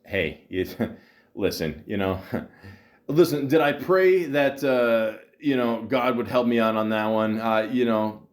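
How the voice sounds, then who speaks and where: A man's voice: medium pitch, takes it slowly. A man hosting a solo podcast in a casual, rambling, profane way, chuckling often. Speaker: podcast host.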